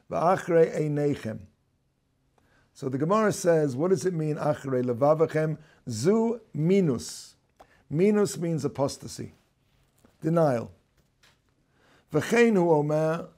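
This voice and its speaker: A man, a rabbi, giving an explanatory lecture. He talks deliberately, stops to explain terms and corrects himself as he goes. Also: on the high side, warm tone. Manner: reads out quoted passages in a raised voice. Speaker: rabbi teaching a class.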